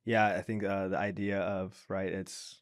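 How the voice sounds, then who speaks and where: A man hosting a podcast asks interview questions and responds to his guest with quick, encouraging agreement. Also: deep voice, little pitch movement, clear, resonant tone, no room sound, clean studio sound. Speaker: podcast host. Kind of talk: interview questions and brief backchannels.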